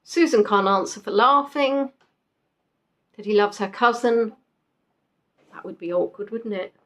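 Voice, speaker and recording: A woman's voice: mid-range voice, measured pace. A young woman hosting a casual quiz, chatty and joking as she reads out the players' answers. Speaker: quiz host. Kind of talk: casual live quiz chat.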